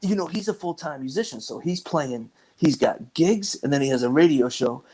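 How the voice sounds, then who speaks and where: A man's voice: fairly high pitch, lively intonation, moderate pace, dark tone, breathy edge, rough recording. A man with a thick Boston accent, a guest musician talking casually, rambling and laughing easily. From Lowell, Massachusetts. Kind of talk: casual chat.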